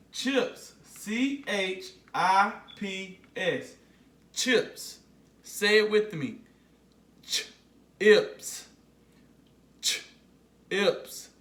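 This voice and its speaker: Casting: high-voiced male teacher, very slow and patient, leads children through repeated words, echoey room. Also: pushed and bright, recorded from a distance. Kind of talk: phonics lesson for young children.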